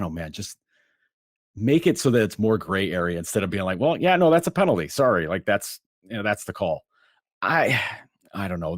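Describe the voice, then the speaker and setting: A man talking sports as a podcast guest, animated, often restarting and acting out what others said. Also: on the low side, dry recording, studio quality. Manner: animated, acts out quotes, many restarts. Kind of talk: casual sports chat.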